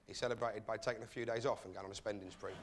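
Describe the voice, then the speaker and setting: A man hosting a comedy show, delivering a sardonic stand-up monologue with deadpan, mock-rude asides. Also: on the low side, racing, very noisy.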